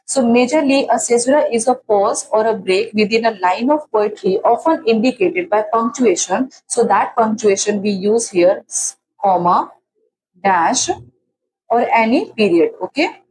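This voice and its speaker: A woman's voice: a little high, animated, unhurried, darkish tone, husky, rough recording. A woman teaching literary terms in an exam-prep lecture, restating each definition several times with fillers and restarts. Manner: explains by repeating definitions.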